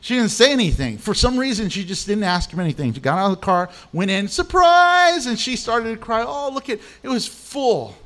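A man preaching a sermon, telling stories with animated quoted voices. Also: high voice, brisk, hardly any pauses. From Mexican. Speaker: pastor.

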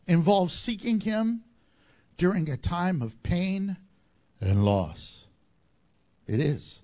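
A man preaching a sermon as pastor, swinging between loud emphatic lines and hushed ones. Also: sits high, expressive, takes it slowly, pauses often.

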